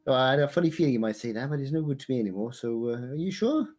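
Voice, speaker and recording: Tabletop player man, mid-pitched, hesitant and polite, soft music behind. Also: expressive, rapid-fire. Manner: hesitant, polite, many fillers. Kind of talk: casual tabletop role-play.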